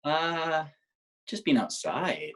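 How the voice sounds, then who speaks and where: A Canadian man in his forties, a former Olympic triathlete, appears as a guest on a video-call interview, telling reflective stories and often restarting his sentences. His fairly high, slightly bright voice swings widely in pitch and draws out words. The casual conversational exchange is captured in low quality.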